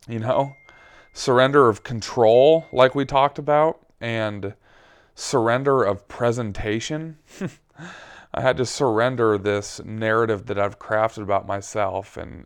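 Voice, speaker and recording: A man speaking from the pulpit, telling his own story with candid, reflective pauses and frequent fillers. His voice sits a little low and sounds smooth and clear, and he takes his time. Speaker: preacher. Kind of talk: personal testimony sermon.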